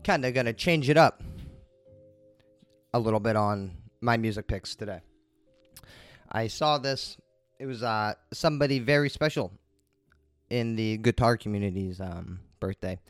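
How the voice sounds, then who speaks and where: A man's voice: fairly low pitch, moderate pace, no room sound, faint music behind. A man hosting his own podcast, telling a rambling story in a casual, heavily profane monologue. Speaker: podcast host.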